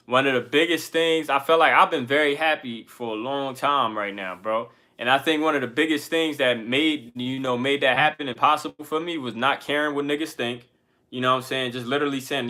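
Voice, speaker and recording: Guy vlogging straight to camera, bright forceful voice, slangy and cussing, calls everyone bro. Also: medium pitch, fairly even intonation, brisk. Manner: candid, slangy and profane, addresses viewers as bro. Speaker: music artist and channel host. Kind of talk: casual motivational talk to camera.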